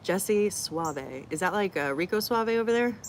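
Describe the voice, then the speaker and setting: Picture a middle-aged woman chatting her way through a live Q&A, blunt and joking as she answers comments one after another. Her voice sits at an ordinary middle pitch. A faint hiss of noise sits under the recording. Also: lively intonation, unhurried. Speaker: livestream host answering chat. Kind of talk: casual live Q&A chat.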